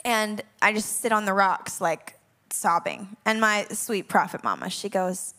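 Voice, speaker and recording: A woman worship leader telling a funny dream story, animated and dramatic, laughing as she goes. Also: medium pitch, unhurried. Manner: animated, laughing often, dramatic self-mocking asides. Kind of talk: humorous dream storytelling to a class.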